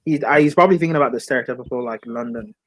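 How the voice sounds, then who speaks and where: Measured young man from Ireland. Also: medium pitch, a crowd in the background. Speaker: podcast panelist. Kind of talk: casual chat.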